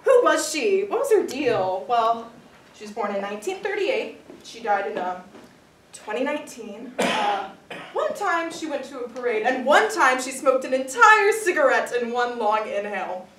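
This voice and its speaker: A teenage girl performing a comic monologue on stage, with a wry, deadpan delivery. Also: a little high, moderate pace. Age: teens. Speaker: student actor. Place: stage in a hall. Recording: echoey room, far from the mic, faint noise.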